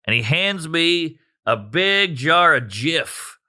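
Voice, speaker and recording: A man telling a rowdy story in casual chat, animated and profane, acting out quotes with sound effects. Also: a little high, slow pace. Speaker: comedian guest telling a story.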